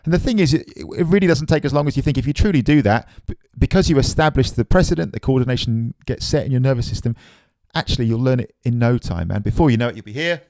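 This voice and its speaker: A man giving a relaxed, chatty drum lesson, often tossing in "man". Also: medium pitch, quick pace, no echo. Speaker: drum teacher. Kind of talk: casual spoken drum lesson.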